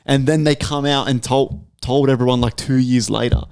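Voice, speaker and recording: Sweary, animated man telling stories. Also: medium pitch, moderate pace, clean tone. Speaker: podcast co-host. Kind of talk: casual podcast chat.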